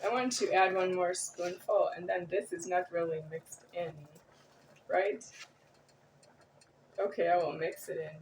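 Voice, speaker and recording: A woman's voice: on the low side, moderate pace, distant mic, slight background noise, rough recording. A woman vlogger talking to the camera in a rambling, repetitive, agitated monologue.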